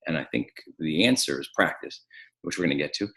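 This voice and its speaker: A man teaching an acting webinar, animated, with frequent restarts and fillers. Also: very deep voice, fairly quick, vocal fry, low-quality recording. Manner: animated, restarts and stacked fillers, drops to quiet reflection. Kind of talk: webinar lecture.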